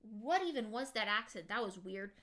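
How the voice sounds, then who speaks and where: A woman's voice: medium pitch, animated, normal speed, a bit bright. A woman streamer chatting casually to her viewers while she draws, with a lot of ums and likes. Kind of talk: casual livestream chat while drawing.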